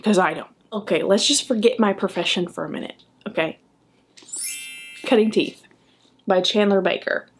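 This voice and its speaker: A young woman chatting enthusiastically in a book vlog, often tagging her remarks with a quick "okay?". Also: medium pitch, slight background noise. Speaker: book vlogger. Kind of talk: casual chat.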